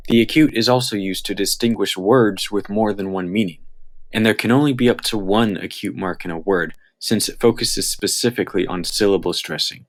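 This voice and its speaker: A man with an American accent, reading a prepared language explainer in a careful, measured way. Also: lowish voice. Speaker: channel host. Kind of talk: scripted explanatory narration.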